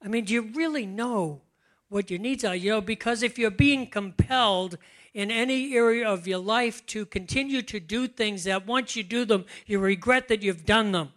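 An older man preaching a conversational sermon, relaxed and chatty, often laughing and slowing to stress key words. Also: sits high. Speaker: pastor.

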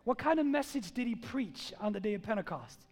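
A pastor preaching a sermon, swinging from loud, emphatic calls to hushed storytelling. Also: male voice, high-pitched, animated, fairly quick, big-room sound.

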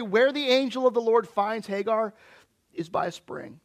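A man's voice: high voice, expressive, normal speed, vocal fry. A young man preaching a sermon in a church, talking in a conversational way and putting questions straight to the congregation. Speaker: pastor.

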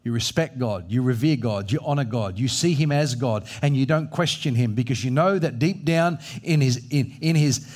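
A man's voice: medium pitch, moderate pace, a little mellow. A middle-aged man, preaching a sermon with strong emphasis and acting out the voices in the story. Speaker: pastor.

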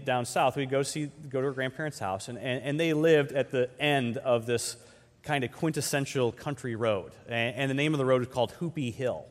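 A man preaching a conversational sermon as pastor, firing off rhetorical questions and dropping from loud emphatic peaks to slow, quiet phrases. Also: mid-range voice. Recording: long hall reverb.

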